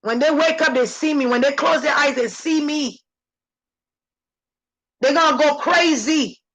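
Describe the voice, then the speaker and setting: A woman's voice: a little slow, a bit bright, low-quality recording. A woman speaking as a channeler in an intense, preachy spirit-channeling monologue. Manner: intense, preachy, shifting pitch.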